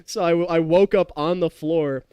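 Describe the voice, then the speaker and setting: A man's voice: on the high side, steady tone, normal speed, a little mellow, clean tone, dry recording. A young man streaming a game, chatting loosely and telling stories to his chat while tipsy. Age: young adult. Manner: rambling, laughing, storytelling, reading chat. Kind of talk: casual live-stream chat while gaming.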